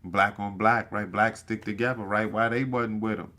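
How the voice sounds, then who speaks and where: A man's voice: lowish voice, fairly even intonation, moderate pace, pushed and bright. A man giving casual reaction commentary, talking emphatically and profanely straight to his viewers. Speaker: commentary streamer.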